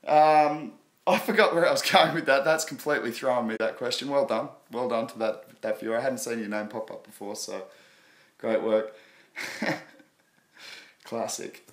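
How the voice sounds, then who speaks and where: A man's voice: mid-range voice, normal speed. Chatty Australian man in an echoey room. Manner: rambling, chatty, answers viewer questions, laughs often. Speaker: live stream host. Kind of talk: casual live chat.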